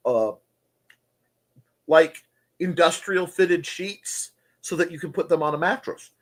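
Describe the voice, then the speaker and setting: A man's voice: on the high side, fairly even intonation, slow pace, pauses often. A man hosting a casual livestream chat from home, playful and chatty as he reads comments. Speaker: host. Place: home room.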